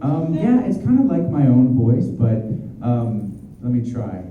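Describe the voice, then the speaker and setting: A man, a voice actor, answering fan questions at a convention in an excitable, energetic, chatty way. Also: medium pitch, a little slow, a little hiss or hum. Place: convention hall. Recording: dull, distant, very echoey hall.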